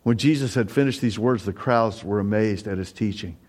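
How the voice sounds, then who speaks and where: Earnest, conversational middle-aged preacher. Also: male voice, fairly low pitch, brisk, darkish tone. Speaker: pastor. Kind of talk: sermon.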